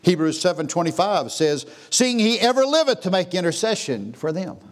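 A pastor preaching a sermon in a church, swinging from hushed, slow lines to loud, high exclamations. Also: male voice, very animated. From Texas. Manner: preaching with big swings, dropping to a hush then rising to a near shout. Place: church sanctuary.

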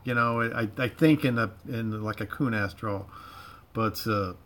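A middle-aged Florida man with a bright, forward voice and a loose Southern drawl flecked with Cajun, chatting casually to a livestream audience. He rambles, restarts his sentences and leans on folksy slang, talking from his home garage. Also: fairly low pitch, measured pace. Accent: Southern US drawl with Cajun touches. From Florida, USA. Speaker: livestream host.

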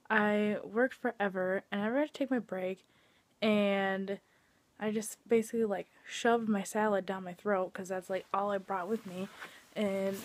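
Husky-voiced young woman venting in whispers. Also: medium pitch. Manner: frustrated and venting, swearing, often dropping to a whisper. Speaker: vlogger. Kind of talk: casual late-night venting vlog. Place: at home indoors.

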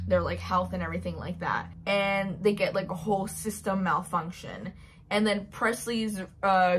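Young woman, chatty book-recap vlogger, slightly husky tone, middle-height voice, gushing delivery that acts out each character. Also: medium pitch, fairly bright tone. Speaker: book reviewer. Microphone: built-in mic.

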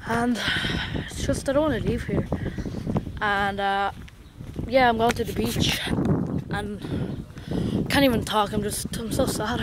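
A young woman chatting excitedly to her handheld camera while walking around outdoors, filling her talk with "like" and "guys". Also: fairly high pitch, a little slow, long pauses. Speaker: vlogger. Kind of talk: casual travel vlog. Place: outdoors on a hot hillside and beach. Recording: noisy outdoor camera audio with wind.

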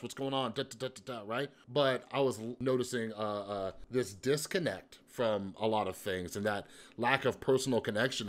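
A young adult man hosting a conversational interview, talking casually and agreeing readily. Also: mid-range voice. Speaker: podcast host.

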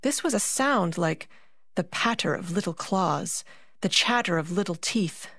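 Brief: unhurried woman storyteller, measured pauses, dry close sound. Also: lowish voice, lively intonation, a bit bright, no echo. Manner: slow, deliberate storytelling with dramatic pauses. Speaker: narrator and puppeteer. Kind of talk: storytelling narration for a concert.

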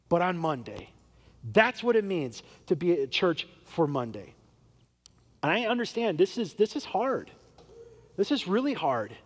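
A man's voice: high voice, long reverb tail. A young adult man preaching a sermon as pastor, telling a story and acting out the dialogue in quoted voices. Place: church sanctuary.

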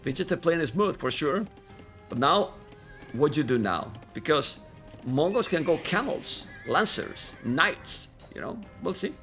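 Excitable male esports caster. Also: a little high, unhurried, soft background music. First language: Spanish. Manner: excitable, animated casting voice, non-native grammar. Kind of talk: live game commentary.

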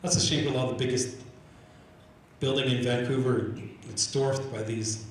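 A Canadian man, an Indigenous organizer, gives a live public talk in a large event room with an audience, acting out the exchanges in his stories and repeating words as he restarts. His medium-pitched voice moves at normal speed from a distant mic. The hall echo is very roomy, with faint ambience and a little hiss or hum.

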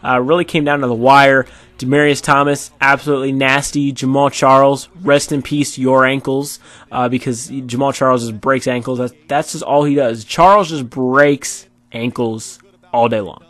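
A man's voice: medium pitch, steady tone, normal speed, fairly bright tone, no echo. A tired man doing casual, rambling commentary over his football video game match, with many fillers. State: tired, yawning. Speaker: gaming YouTuber.

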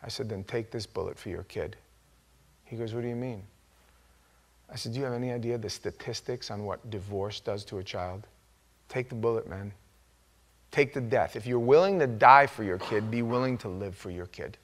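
In a church sanctuary, a male pastor preaches through lively storytelling, his fairly low voice moving at a moderate pace. He drops to a quiet, conversational tone, then bursts out loud when acting out the people he quotes.

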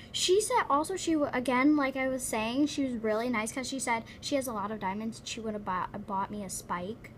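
A woman's voice: a little high, normal speed, slight background noise. A woman giving casual game commentary, chatty and giggly, full of dramatic exclamations. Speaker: gameplay commentator.

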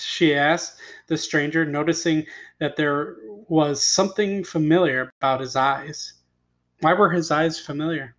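A male teacher reading a fairy tale aloud expressively and stopping to ask his students questions. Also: on the high side. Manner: expressive read-aloud, pausing for questions to the class.

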